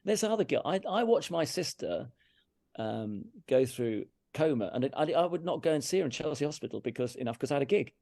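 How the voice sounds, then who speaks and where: A middle-aged man from England talking candidly in an interview, earnest and emphatic, often circling back on his words and turning self-critical. His voice has a gravelly edge and a warm, mellow tone. The sound is close and dry. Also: fairly high pitch, animated, fairly quick, no room sound. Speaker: interview guest, brass teacher. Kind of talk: candid conversational storytelling. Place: farmhouse room.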